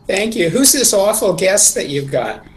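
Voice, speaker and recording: A man's voice: sits high, very animated, moderate pace. An older man who teaches martial arts, a podcast guest who answers with dry, wry humor. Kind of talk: casual podcast interview.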